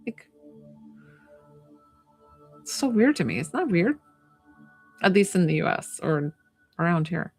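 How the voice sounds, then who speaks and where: Lady chatting on a live stream, low gravelly voice, giggly, lots of likes and ums. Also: very animated, measured pace, pauses often, faint music behind. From United States. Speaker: psychic medium hosting a live stream. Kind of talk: casual live-stream chat.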